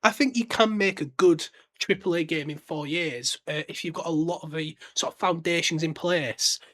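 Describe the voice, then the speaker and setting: A man's voice: a little high, normal speed, a bit bright. A man hosting a casual solo podcast, talking bluntly with lots of fillers and restarts. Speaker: podcast host.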